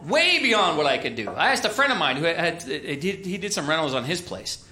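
A man's voice: on the high side, sing-song, fairly quick, bright, forceful tone, roomy sound. A man doing stand-up storytelling in a chatty, self-deprecating way, full of "uh" and "right?", on a comedy club stage.

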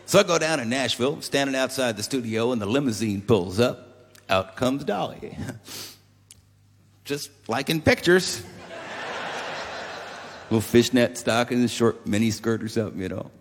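A man's voice: mid-range voice, a little slow, pauses often. An older man, a musician, telling rambling, wry stories on stage between songs with a chuckle. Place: live concert venue. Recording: long reverb of a concert hall.

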